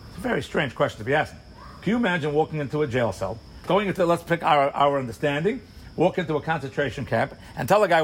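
A man teaching a Torah class to a live audience, telling the story in an animated way, full of rhetorical questions and acted-out asides. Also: fairly high pitch, quick pace, a little hiss or hum. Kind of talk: sermon-style Torah class.

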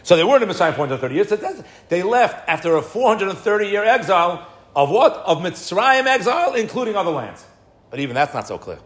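Male Torah teacher, fairly high voice, animated, quizzes himself as he lectures. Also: quick pace. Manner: animated, asks and answers his own questions.

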